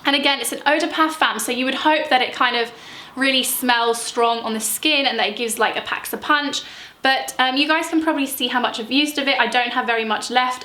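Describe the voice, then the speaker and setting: A woman's voice: high-pitched, a little fast, bright, forceful tone, roomy sound. A young woman, rambling and gushing through a chatty product review vlog. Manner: gushing, rambling, lots of fillers. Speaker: beauty vlogger.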